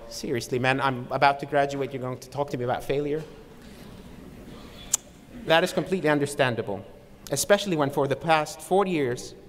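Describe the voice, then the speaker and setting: A man giving a formal commencement address from a podium, earnest and emphatic, laying out his advice point by point. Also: fairly high pitch. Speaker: commencement speaker. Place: large hall with long reverb. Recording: long hall reverb from a ceremony.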